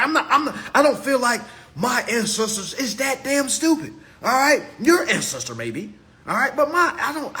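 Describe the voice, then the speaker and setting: A man on a live phone stream giving an impassioned monologue, swinging from loud exclamations to low muttering and repeating "all right?" constantly. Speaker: livestream host.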